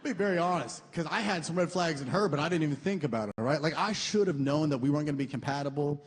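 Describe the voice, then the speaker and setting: A young man doing a stand-up comedy set, animated and mocking, with loud comic outbursts and put-on voices. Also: a little high, fast. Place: comedy club stage with a laughing audience. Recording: long hall reverb, faint room noise.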